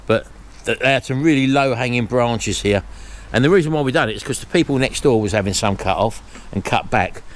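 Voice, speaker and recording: A man's voice: mid-range voice, a little fast, slight background noise. A middle-aged man, chatting casually to his viewers at home and calling them folks. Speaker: vlog host. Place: at home, house and garden.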